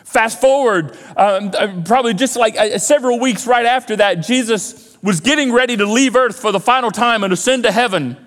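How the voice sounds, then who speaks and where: A man preaching a sermon as pastor, animated and acting out scenes in quoted voices. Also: very high-pitched, normal speed, few pauses. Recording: long hall reverb.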